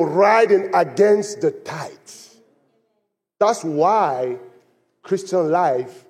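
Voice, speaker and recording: High-voiced male preacher in a reverberant hall. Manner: animated storytelling, acting out quoted voices with laughter. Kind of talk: sermon. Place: church in Phoenix.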